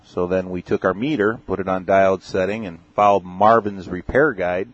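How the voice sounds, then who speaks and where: A man's voice: sits low, steady tone, moderate pace. A man on a podcast, explaining a repair in a plain, matter-of-fact, step-by-step way. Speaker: podcast guest. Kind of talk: casual technical explanation. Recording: dull, dry lo-fi audio.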